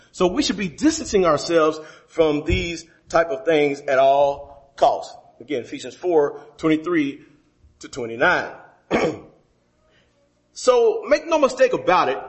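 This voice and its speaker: A high-voiced man preaching to his congregation. He keeps asking them questions and leaps upward for emphasis before sinking back down low. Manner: preacherly, rises sharply for emphasis then drops low; engages the congregation with rhetorical questions. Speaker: pastor. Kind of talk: sermon.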